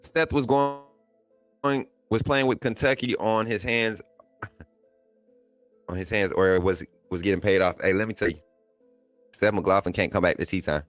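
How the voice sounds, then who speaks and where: A man's voice: lowish voice, unhurried, long pauses, soft background music. A man from Alabama with a Southern accent, hosting a live sports stream in a casual style, reading and answering chat comments with frequent laughter.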